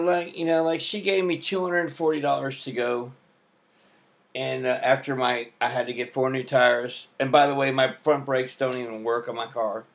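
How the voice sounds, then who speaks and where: A young adult man telling a rambling story in a casual vlog, full of fillers and laughs. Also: mid-range voice. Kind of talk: rambling personal vlog monologue.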